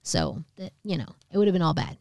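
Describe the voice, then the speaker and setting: A woman's voice: lowish voice, sing-song, fast, creaky, darkish tone, no echo, studio quality. A woman in her thirties casually telling a personal story on a podcast, candid and swearing, acting out the other people in it. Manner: candid, swearing, acts out quoted voices. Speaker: podcast co-host.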